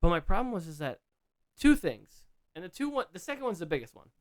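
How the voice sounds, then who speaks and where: A man's voice: high voice, sing-song, fast, no room sound. A man co-hosting a podcast, recapping a wrestling story in casual chat, rambling with frequent restarts and fillers. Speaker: podcast co-host.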